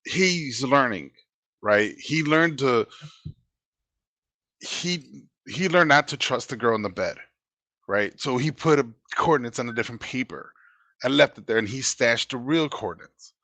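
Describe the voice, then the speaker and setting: A man's voice: mid-range voice, expressive, a little slow, long pauses, bright, forceful tone, no echo. A man co-hosting a casual movie review show, agreeable and chiming in with short replies. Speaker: podcast co-host.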